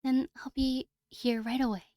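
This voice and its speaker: A woman voicing a gentle, teasing senpai girl. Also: sits high, level tone, normal speed, dry recording, clean studio sound, pitched above the performer's own voice, lightly acted. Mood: calm teasing.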